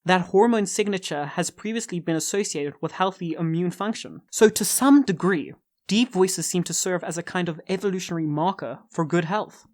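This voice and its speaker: A man narrating a scripted self-improvement guide in a flat, matter-of-fact manner. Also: high voice, moderate pace.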